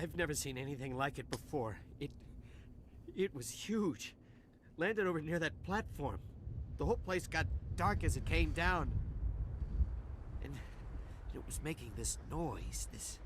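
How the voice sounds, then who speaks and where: An actor playing a nervous male dock worker and smuggler who stammers and gets defensive. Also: on the high side. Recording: game audio with noise underneath.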